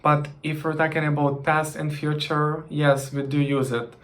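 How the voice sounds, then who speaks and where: A man's voice: on the high side, little pitch movement, moderate pace, a bit bright. A man teaching a language lesson, repeating each example phrase twice.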